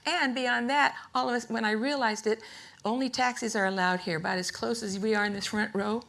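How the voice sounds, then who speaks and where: An older woman giving a rambling, humorous artist lecture to a live museum audience, chatty and quick to laugh. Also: a little high, fairly even intonation, gravelly, fairly bright tone. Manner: chatty, laughs often, self-interrupting. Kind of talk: rambling humorous storytelling talk.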